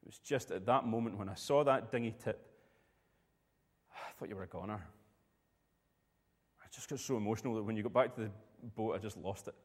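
A man's voice: fairly low pitch, fairly quick, pauses often, slightly rough, big-room sound. A man voicing a contrite sailing skipper. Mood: apologetic. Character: remorseful male sailing skipper apologizing.

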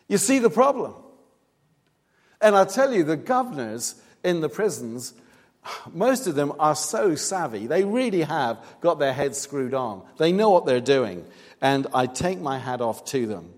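Guy preaching, fairly high voice, earnest and punchy, long echo off the church walls. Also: sing-song, measured pace. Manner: earnest, emphatic, rising to loud stress on key points. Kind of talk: sermon. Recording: long reverb, hall-like.

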